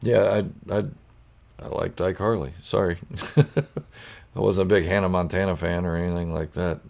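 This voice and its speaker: Casting note: low, gravelly man, goofy host of a live fan chat, laughs a lot. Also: little pitch movement, normal speed, darkish tone. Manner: goofy, laughing often, reads viewer comments aloud. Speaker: channel host chatting with live viewers.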